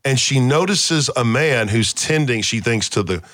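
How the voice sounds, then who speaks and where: A man's voice: medium pitch, animated, measured pace, fairly bright tone, no echo, clean studio sound. A man leading a casual Bible study discussion, quizzing the group with questions and repeating key words as he teaches.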